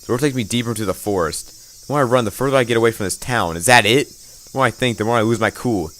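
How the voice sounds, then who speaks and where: A man's voice: mid-range voice, fast talker. A man narrating a let's play, reading the game's text dramatically with occasional stumbles and wry asides.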